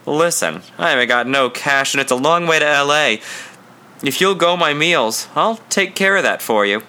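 A man voicing a bold, confident young male hitchhiker in his early twenties, warm and friendly but far too sure of himself. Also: on the high side, lively intonation, moderate pace, voice pushed up. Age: 20s.

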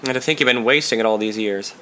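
A man doing a soft-spoken young hustler. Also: mid-range voice, fast, a little hiss or hum, close to an everyday voice. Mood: relaxed. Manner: soft, relaxed delivery. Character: young male hustler, easygoing and frank.

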